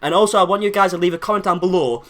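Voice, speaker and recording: A man's voice: high voice, racing, fairly bright tone. A young man hosting a casual podcast chat, rambling and swearing freely. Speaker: podcast host.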